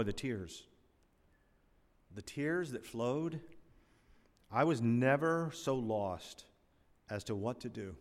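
An older male pastor delivers a sermon with dramatic swells and sudden quiet drops, dropping in dry folksy jokes. His medium-pitched voice rings out in a church sanctuary with a long, lingering reverb. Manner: swells loud on key phrases, then drops to a hush; folksy asides and dry humor. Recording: long reverb of a large hall.

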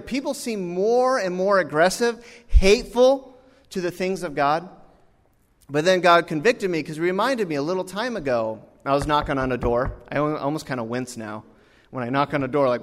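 A young man preaching a Christmas Eve sermon from the pulpit, telling stories with lively acted-out dialogue. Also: on the high side, moderate pace. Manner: animated storytelling, acts out dialogue. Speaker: pastor. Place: church sanctuary. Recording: long hall reverb.

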